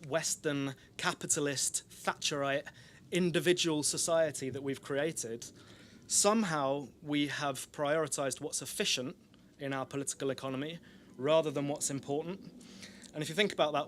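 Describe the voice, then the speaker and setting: A man's voice: fairly high pitch, fairly even intonation, normal speed, a bit bright, slight background noise. A man giving a public talk, telling a story in a candid, self-deprecating way. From North London. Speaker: speaker at an ideas festival.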